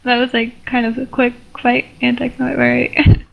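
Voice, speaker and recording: A woman reads a homemade adventure story aloud to her friends. Her voice sits fairly high but barely moves, giving a plain, level delivery. She is a little self-conscious about how she sounds. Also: completely flat delivery, moderate pace, gravelly, highs cut off. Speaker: reader of a homemade game story. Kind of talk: casual reading aloud of a story among friends.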